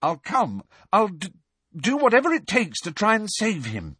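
Brief: man voicing an anxious, earnest teen girl, urgent, lively pitch, slightly husky. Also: normal speed, no echo, studio quality, heavily acted. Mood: desperate. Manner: urgent, pleading.

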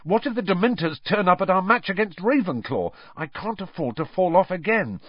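A man's voice: high voice, sing-song, a little fast, no echo, pitched above the performer's own voice. A man voicing a shaken but determined teenage boy wizard, earnest and tense, on a dull, dry audiobook recording.

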